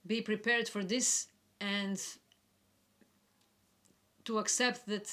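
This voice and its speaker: Woman, astrology forecaster; slow, gentle, reflective delivery at mid pitch. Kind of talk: spiritual forecast talk.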